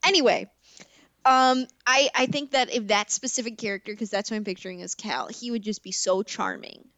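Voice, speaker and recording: Female co-host, mid-pitched, rambling and expressive, dry close recording. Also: normal speed, no room sound. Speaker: podcast co-host. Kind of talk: casual podcast chat.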